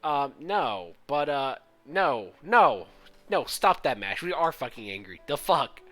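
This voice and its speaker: A man streaming a story game live, reacting loudly and incredulously, swearing and laughing between lines. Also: mid-range voice, sing-song, takes it slowly.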